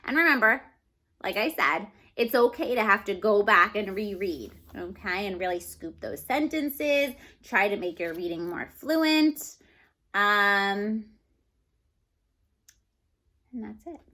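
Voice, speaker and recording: A woman's voice: medium pitch, expressive, slow pace, pushed and bright. A woman teacher giving a reading lesson to children, talking expressively and often checking in with "okay?".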